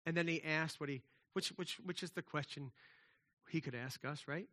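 A man preaching a sermon, casual and conversational, with slang, moving between lively emphasis and hushed, soft passages. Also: on the high side, moderate pace. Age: adult with children. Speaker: pastor.

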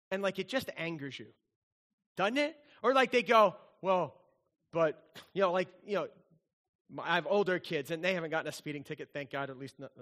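A middle-aged male pastor delivers a lively, conversational sermon. His voice sits high and sounds bright. He acts out the people he quotes.

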